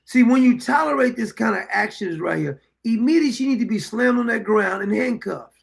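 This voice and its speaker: A man hosts a commentary show, reacting bluntly and mockingly to clips. His voice sits high and is heavily gravelly, with a lot of fry. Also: animated, a little fast.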